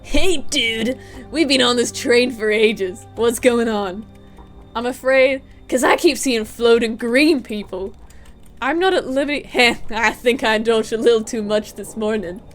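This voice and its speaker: A woman voicing a dazed young male stoner passenger with a loud, drawling voice. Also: a little high, unhurried, soft background music, lightly acted.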